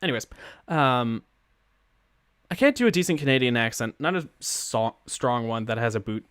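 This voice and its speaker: A man's voice: mid-range voice, expressive, moderate pace, a bit bright, clean tone, dry recording. Chatty giggly male game streamer. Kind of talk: casual gameplay commentary. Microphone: close mic with pop filter.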